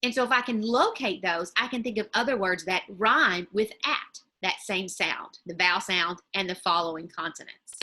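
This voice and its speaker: A woman teacher explaining reading skills to parents in a patient, step-by-step way, slowing down on example words, recorded on a computer mic while sharing her screen. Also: medium pitch, bright, forceful tone. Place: home or office, screen-shared video.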